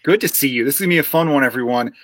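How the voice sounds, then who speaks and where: A man's voice: mid-range voice, racing, fairly bright tone, no echo. Man, Chicago accent, podcast host, rambling casual chat, dry sound. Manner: rambling, swears casually, restarts a lot.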